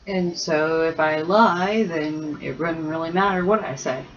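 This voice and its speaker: A player in a tabletop game, talking in a casual, deadpan way. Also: mid-range voice, a little slow, crowd noise. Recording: dull lo-fi sound with faint noise.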